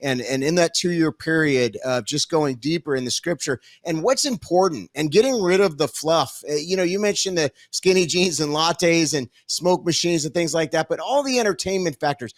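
Man, pastor guest, earnest conversational tone, slightly high voice, dry sound. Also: animated, normal speed, hardly any pauses, no room sound. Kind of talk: casual interview talk.

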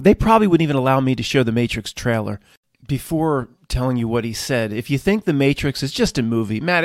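A man's voice: mid-range voice, no echo, studio quality. Earnest man giving commentary. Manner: earnest, emphatic, building a theory. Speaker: video commentator. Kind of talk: casual commentary.

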